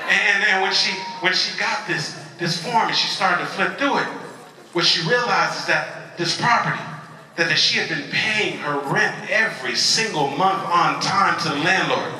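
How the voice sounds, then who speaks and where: Speaking at a moderate pace in a high, bright, forceful voice, a motivational speaker recounts a story to a convention crowd. He leans on call-and-response and restarts with stammers. The recording captures the large hall's echo from far away.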